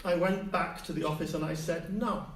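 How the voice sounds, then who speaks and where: Animated storytelling man on a stage. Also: fairly high pitch, a little fast. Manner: animated, acts out quoted voices. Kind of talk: live personal storytelling. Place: stage before a live audience. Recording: echoey hall, distant mic, faint hiss.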